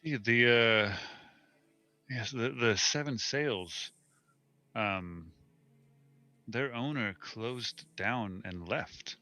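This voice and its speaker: Slow, bright-voiced man playing a tabletop game. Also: mid-range voice. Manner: hesitant, full of pauses. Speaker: player. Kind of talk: tabletop role-play.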